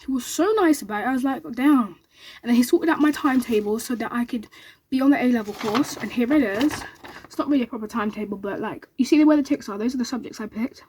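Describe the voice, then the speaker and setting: A young woman, vlogging to camera and telling an excited story in a rapid, animated way, acting out what others said. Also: fairly high pitch, slight background noise. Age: young adult.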